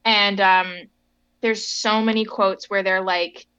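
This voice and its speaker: A bright, forceful woman co-hosting a casual book chat, gushing and animated as she talks. Her voice comes through a somewhat dull, lo-fi mic. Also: mid-range voice, slow, smooth. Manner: gushing, animated, reads quotes aloud. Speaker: podcast co-host.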